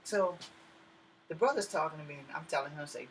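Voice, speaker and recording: Telling a story in a casual vlog rant, this man speaks bluntly and swears a lot, his voice fairly high and a little fast. The mic sits at a distance, picking up faint ambient noise.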